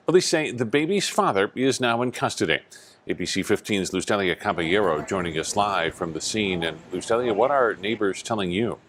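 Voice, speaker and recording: A man anchors the news in a polished way, his voice lowish and lively in its rise and fall. Faint background noise runs under his words.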